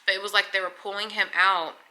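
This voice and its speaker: A woman's voice: medium pitch, level tone, fast talker, pushed and bright. A young woman vlogger recounting a hard birth in a candid, emotional way, swearing freely and at times near tears. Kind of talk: casual confessional storytelling.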